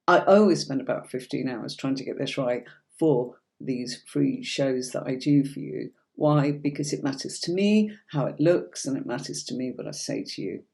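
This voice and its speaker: Her bass voice is expressive and creaky with a dark tone, moving at a moderate pace. She's a Yorkshire woman with a faint accent, running a tarot lesson on a livestream in a chatty, comforting way and addressing viewers as darling.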